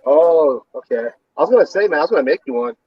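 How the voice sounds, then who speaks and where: Husky-voiced man talking off-mic. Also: fairly high pitch, expressive, quick pace, dull audio. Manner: offhand, talks while working at a bench. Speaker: panelist. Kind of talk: casual live-stream chat.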